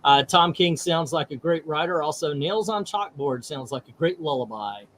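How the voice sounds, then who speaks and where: A man's voice: fairly high pitch, moderate pace, fairly bright tone, a little hiss or hum, poor audio. A man hosting a casual chat, reading out an article with frequent filler sounds. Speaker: host.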